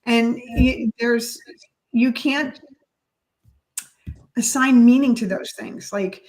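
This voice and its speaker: Middle-aged woman, podcast guest, earnest and reflective, slightly higher voice. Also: slow pace, a little mellow, rough recording. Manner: earnest, reflective, spiritual in outlook. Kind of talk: casual conversation.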